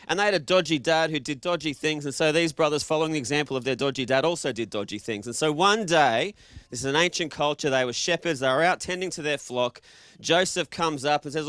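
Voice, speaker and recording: Brief: Australian male preacher, higher voice, jokey and casual, dry close sound. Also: fairly quick, a bit bright, no room sound. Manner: joking, casual, quizzes the audience. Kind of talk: interactive sermon to a live congregation.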